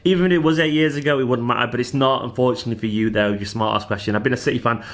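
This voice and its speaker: A man in his thirties with a Manchester accent, chatting casually as he answers viewers' questions on his football fan vlog, animated and bantering. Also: medium pitch, rapid-fire. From Manchester, England.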